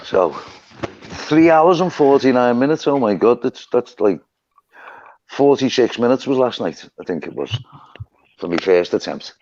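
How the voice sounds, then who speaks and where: A man's voice: medium pitch, expressive, moderate pace, long pauses, a little mellow, muffled recording. A man with a Liverpool accent hosting a live stream, rambling through stories and laughing often. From Liverpool, England. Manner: chatty, rambling storyteller who laughs often. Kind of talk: casual chat. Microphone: phone.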